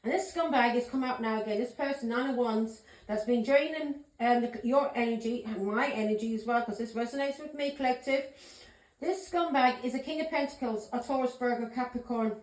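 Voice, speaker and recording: A woman's voice: fairly high pitch, fairly quick, echoey room. A woman giving a tarot reading vlog, a blunt, ranting straight talker who swears freely. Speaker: tarot reader.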